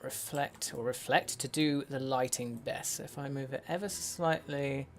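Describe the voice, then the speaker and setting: A man's voice: mid-range voice, normal speed. A man giving casual game commentary as a let's play host, muttering to himself with wry, sweary asides. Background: faint in-game music.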